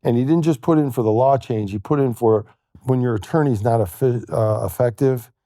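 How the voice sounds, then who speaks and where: A man telling a long personal story as a podcast guest, halting and quoting what others said to him. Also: mid-range voice, mellow, no echo, studio quality. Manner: halting, retells events with quoted dialogue. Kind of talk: storytelling in conversation.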